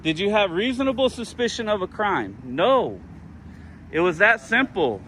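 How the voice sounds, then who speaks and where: A man's voice: high voice, very animated, moderate pace, fairly bright tone, a little hiss or hum. A man filming police outdoors on a handheld camera, arguing with them in a combative, mocking, insistent way. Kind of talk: heated street confrontation. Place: outdoors by a parking lot with cars.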